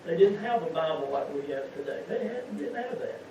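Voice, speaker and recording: A man's voice: high-pitched, expressive, brisk, mellow, a little hiss or hum. A man gives a folksy sermon as a lay preacher, often putting questions to the congregation. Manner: folksy, keeps asking the congregation rhetorical questions. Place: church sanctuary. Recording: echoey, muffled church sound from far off.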